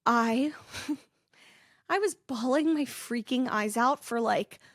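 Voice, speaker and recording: A woman's voice: on the high side, takes it slowly, no room sound, clean studio sound. A heavily pregnant young woman hosting a casual vlog, rambling and chatty with frequent laughs. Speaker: influencer and podcast host. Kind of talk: casual chat.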